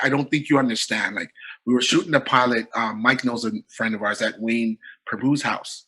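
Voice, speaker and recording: A middle-aged Canadian comedian telling funny stories in a casual podcast chat, laughing often. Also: male voice, mid-range voice, slightly rough, low-quality recording. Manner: animated storytelling, laughing often.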